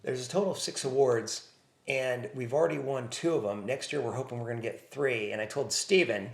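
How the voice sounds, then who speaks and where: A man talks as a guest on a conversational podcast, at a middle pitch. He tells stories with animated energy and slips into the voices of people he remembers. The sound carries a roomy echo. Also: fairly quick, gravelly. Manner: animated storyteller, acts out remembered dialogue. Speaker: guest, company owner.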